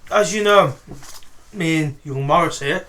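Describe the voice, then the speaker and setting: A man co-hosting a podcast, bantering excitably and swearing a lot. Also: fairly high pitch, unhurried, slight background noise. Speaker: podcast co-host. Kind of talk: casual banter.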